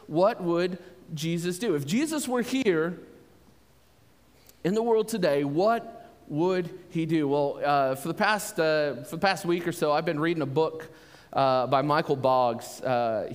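A man preaching a sermon in a relaxed, talky, animated way, often restarting phrases. His voice sits high. The sound rings with a long hall reverb. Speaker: pastor.

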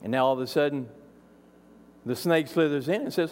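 A man's voice: a little high, brisk, long pauses, darkish tone, in a large hall. A man preaching an expository sermon as a pastor, emphatic and building up through repeated phrases.

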